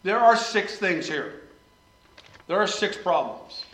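Man preaching, high voice, impassioned, loud pleas and hushed asides, echoey room. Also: sing-song, slow pace. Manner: impassioned, swings between loud pleading and quiet asides. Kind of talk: sermon.

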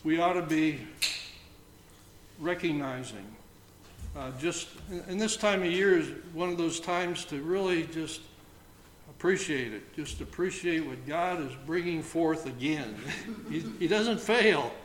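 A man leading an informal Bible study, reading scripture aloud between halting comments. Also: a little high, lively intonation. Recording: roomy echo, faint background noise.

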